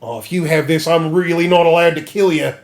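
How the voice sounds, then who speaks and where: A man's voice: fairly high pitch, fairly quick, natural voice. A man voicing a cruel male monkey-like monster who shrieks and gloats. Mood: mocking.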